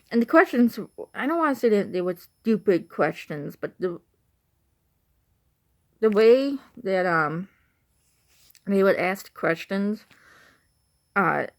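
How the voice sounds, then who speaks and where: A woman's voice: mid-range voice, creaky. A young woman with a Chicago accent, just woken up and tired, chatting to camera in a rambling way full of fillers. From Chicago, Illinois. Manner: rambling, many fillers like "like" and "you know". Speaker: vlogger. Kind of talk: casual rambling chat to camera.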